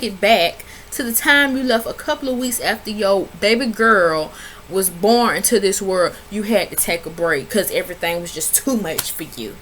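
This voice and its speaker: Woman vlogger, casual, sassy retelling with sudden high squeals for quotes, faint background hiss. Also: moderate pace. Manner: animated, sassy storytelling with big pitch jumps when quoting people. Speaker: reality TV reviewer. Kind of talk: casual recap vlog.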